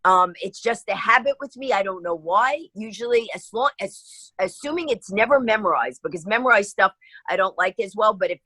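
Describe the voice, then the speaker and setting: A woman guest on a talk program, telling stories in an animated way and acting out the voices of the people in them. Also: medium pitch, breathy edge, dry recording, poor audio. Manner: lively, acts out voices in her anecdotes. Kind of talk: animated storytelling in an interview.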